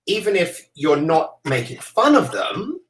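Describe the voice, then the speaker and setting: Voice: mid-range voice, very animated, unhurried. A co-host on a casual chat show making dry, wry asides. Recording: roomy, distant mic with faint noise.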